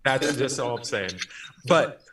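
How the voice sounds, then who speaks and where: A man's voice: medium pitch, unhurried, far from the mic, a crowd in the background. A man hosting a casual radio panel chat, joking and putting on mock voices. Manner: animated, jokey, mock voices of God. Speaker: radio show host.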